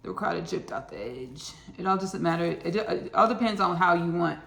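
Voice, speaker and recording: Gravelly-voiced Texan woman cooking and chatting. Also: on the low side, expressive, a little fast, fairly bright tone, echoey room. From Austin, Texas. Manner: chatty, repeats phrases, laughs at own jokes. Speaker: home cooking host. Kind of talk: casual cooking vlog.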